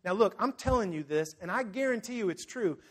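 A man's voice: sits high, fairly quick. A man preaching a sermon, telling the story vividly, acting out scenes and speaking straight to his congregation. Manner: lively storytelling, acts out scenes; addresses the congregation directly. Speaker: pastor.

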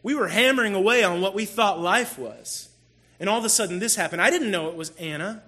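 A man with a high, crisp voice shares a personal story from the pulpit. He tells it in an animated, self-deprecating way, speaking directly to his listeners. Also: a little fast. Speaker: church speaker.

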